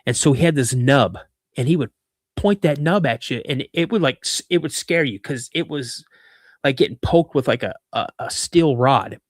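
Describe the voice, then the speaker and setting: A man in his fifties from Washington State, telling a personal story as a podcast guest, animated, acting out the voices in it and often repeating himself. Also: medium pitch, normal speed, no echo, studio quality. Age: 50s. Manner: repeats words and restarts mid-sentence. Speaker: guest, cryptid researcher.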